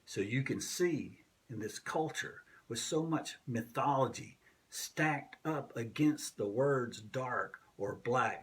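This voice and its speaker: A man preaching a sermon as pastor, slow and deliberate, sometimes dropping to a whisper. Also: medium pitch, fairly bright tone, long reverb tail. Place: church sanctuary.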